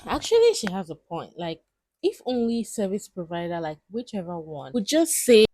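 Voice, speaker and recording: A woman reacting to a clip with calm, reasonable commentary. Her voice sits at an ordinary pitch and sounds dry and close. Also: normal speed, no echo.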